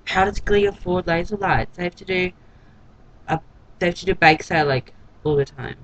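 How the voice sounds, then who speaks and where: A man's voice: high voice, normal speed, fairly bright tone, highs cut off, a little hiss or hum. A man giving a casual, gossipy vlog recap of a TV episode in a catty, sarcastic way. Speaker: TV episode reviewer.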